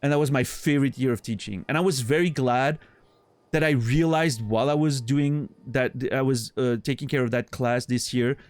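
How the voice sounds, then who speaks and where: A man's voice: medium pitch, moderate pace, clear, resonant tone, no echo. Rambling man chatting on stream. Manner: rambling, many restarts and fillers, laughs easily. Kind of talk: casual chat with viewers.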